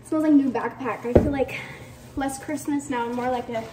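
A young woman from the United States chatting casually in a vlog, excitable and self-mocking, laughing often. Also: sits high, normal speed, very noisy. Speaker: vlogger.

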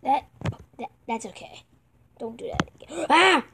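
A woman narrates her online game in a let's-play style, her fairly high voice yelping and pleading at the screen. She talks slowly and drags her words out, repeating the same lines over and over. A faint hiss sits under her voice. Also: lively intonation, a bit bright. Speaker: gamer playing online with friends. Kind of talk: excitable let's-play commentary.

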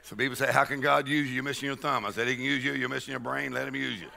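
A man preaches a lively sermon with a deeply gravelly, rough-edged voice. His tone is strikingly bright and forceful. He tells folksy, joking stories and breaks into laughter and shouts as he stirs up the congregation. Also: rapid-fire. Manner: laughs and shouts "woo", leads the crowd in rejoicing; folksy storytelling with jokes. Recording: live church sermon.

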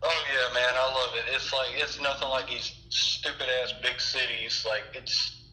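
Bright-voiced Southern man, blunt. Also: medium pitch, flat delivery, normal speed, roomy sound, low-quality recording. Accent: Southern American. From Southern United States. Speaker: guest. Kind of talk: casual phone conversation.

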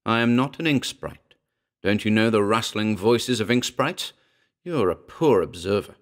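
A man voicing an unseen spirit with a shrill, metallic voice that taunts and mocks in a radio-style horror story. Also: animated, a little slow. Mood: derisive. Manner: derisive, taunting.

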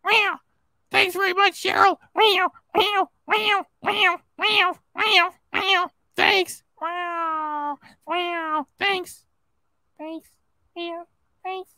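Man doing a squeaky cartoon cat. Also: steady tone, very slow, creaky, bright, forceful tone, dry recording, full character voice, rough recording. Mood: meowing. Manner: squeaky, exclaiming, meowing. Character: cheerful male cartoon cat mascot thanking donors.

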